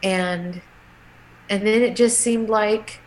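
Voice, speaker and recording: A middle-aged woman, a guest in an interview, telling a personal story in a halting, emotional way with many restarts. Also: medium pitch, steady tone, low-quality recording.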